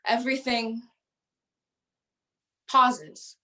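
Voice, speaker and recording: A teenage girl performing spoken-word poetry in a youth slam, with a slow, deliberate delivery. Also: medium pitch, a bit bright, poor audio. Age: teens.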